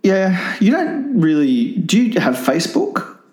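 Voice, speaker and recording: A man's voice: sits high, huge pitch swings, measured pace, darkish tone. A man around fifty co-hosting a casual podcast, joking and rambling with frequent laughs. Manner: jokey, rambling, laughs often. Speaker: podcast co-host. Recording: roomy echo.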